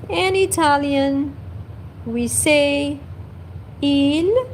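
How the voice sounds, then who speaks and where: Slow, lively woman teaching languages. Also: high-pitched, a little hiss or hum. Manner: slow, repeats each word for learners. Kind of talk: livestream language lesson.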